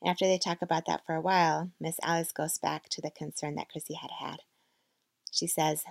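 Low, gravelly woman podcaster. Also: flat delivery, a little fast, no room sound. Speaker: podcast host. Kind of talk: book reading and narration.

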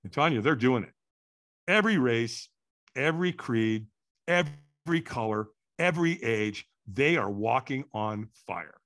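A man telling a story as a podcast guest, animated and acting out quotes with sudden shouts. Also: mid-range voice, measured pace.

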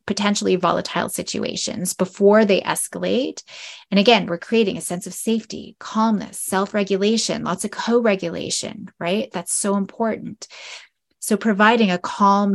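A woman hosts a solo educational podcast, speaking earnestly and often checking in with a quick "right?". Her voice has a gravelly, fry-touched edge, and her pitch sits in an ordinary middle range. Now and then she drops to a soft whisper. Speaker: podcast host.

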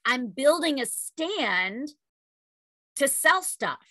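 A woman's voice: high voice, very animated, extremely slow, bright, forceful tone, no room sound, full character voice. A woman quoting her young son in a matter-of-fact voice. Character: young boy, earnest and plain-spoken.

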